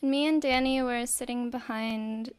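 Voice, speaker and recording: A woman's voice: fairly high pitch, measured pace, a little hiss or hum. A woman who is a guest on a podcast, telling a story in casual chat. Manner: storytelling, animated.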